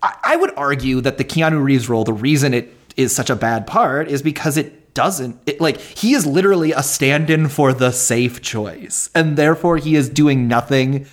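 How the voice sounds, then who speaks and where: Animated podcast co-host who stammers. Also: mid-range voice, moderate pace, hardly any pauses. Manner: animated, stammers and restarts, laughs often. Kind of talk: casual film discussion.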